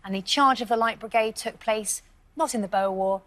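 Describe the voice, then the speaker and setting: A woman giving the answers on a quiz show in a measured, informative way. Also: on the high side, fairly bright tone. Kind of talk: scripted explanations.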